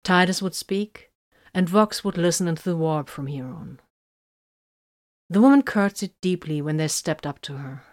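Reading an audiobook, a woman keeps her delivery calm and even, with a somewhat low voice and a moderate tempo throughout.

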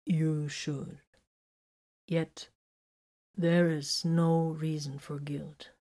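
A woman voicing a kind, earnest male captain who speaks formally, softly and slowly. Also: low-pitched, fairly even intonation. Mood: gentle. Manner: soft-spoken and slow.

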